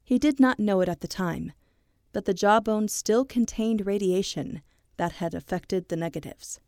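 A woman's voice: mid-range voice, moderate pace, darkish tone, no echo, studio quality. A woman co-hosting a casual podcast, reading a true story aloud with chatty asides. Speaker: podcast co-host.

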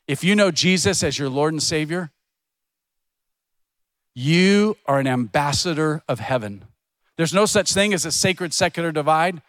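A man's voice: on the high side, animated, unhurried, pauses often, fairly bright tone, no echo. A middle-aged man preaching a sermon as a pastor, telling stories in a conversational way and acting out the voices of people he quotes. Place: church.

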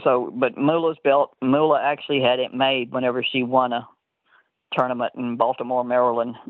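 A woman's voice: a bass voice, level tone, normal speed, no echo. An older woman telling stories as an interview guest, rambling and laughing often mid-sentence, heard over a tinny phone line.

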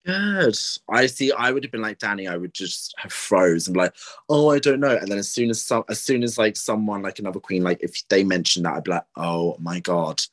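A man's voice: on the low side, expressive, a little fast, hardly any pauses, fairly bright tone. A young man co-hosting a podcast in casual, rambling chat, full of ums and likes. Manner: rambling, filler-heavy. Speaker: podcast co-host.

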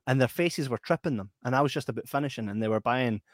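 A man's voice: medium pitch, quick pace, no echo, clean studio sound. A Scottish man chatting casually and telling funny stories with lots of laughter and acted-out voices. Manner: animated, laughing storyteller. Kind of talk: casual chat and storytelling.

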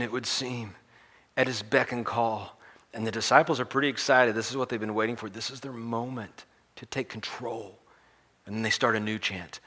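A man preaching a sermon, retelling a story with lively energy and chanting the crowd's lines. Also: mid-range voice, normal speed.

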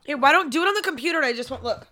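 A woman with a bright, fairly high voice, chatting on a podcast in a teasing way. She laughs often, and the sound is close and dry. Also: animated, very fast, no echo. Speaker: podcast co-host, younger sister. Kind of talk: casual chat.

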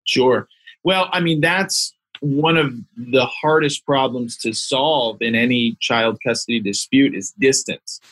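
A man's voice: mid-range voice, unhurried, fairly bright tone, dry recording, rough recording. A man who is a family law attorney, explaining things methodically as a podcast guest.

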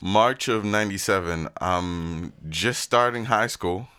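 A man in his thirties co-hosting a comedy podcast, an animated storyteller who laughs often. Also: low-pitched, a little slow, clean tone. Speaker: podcast co-host. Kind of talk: casual comedy chat.

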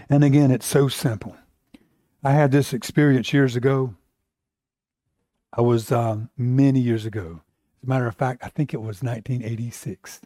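A man's voice: fairly high pitch, mellow, dry recording, clean studio sound. A middle-aged man preaching a sermon as a pastor, telling a personal story in an earnest, conversational way. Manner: storytelling, earnest and conversational, with acted-out inner quotes.

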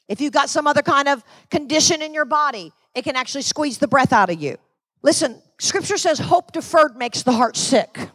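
A woman's voice: high-pitched, a bit bright, no echo. A middle-aged woman from Florida preaching a sermon to her church with energy, calling out to the congregation. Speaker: pastor.

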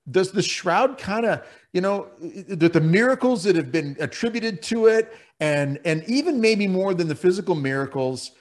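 An earnest male host of a faith talk show with a slightly high voice. He tells a story at length before asking his guest a long question.

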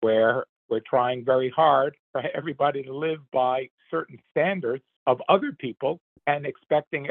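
A man's voice: a little high, breathy edge, no echo. Older man on a tinny phone line. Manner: earnest, rambling, opinionated. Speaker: host's father, commentator. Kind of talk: casual opinion commentary.

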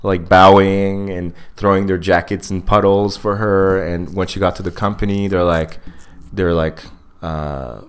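A man hosting a podcast, telling a story in casual chat, halting with fillers and then acting out the people in it. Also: low-pitched, clean tone. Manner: animated storyteller, acts out quoted people; halting, many fillers and restarts. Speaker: podcast host.

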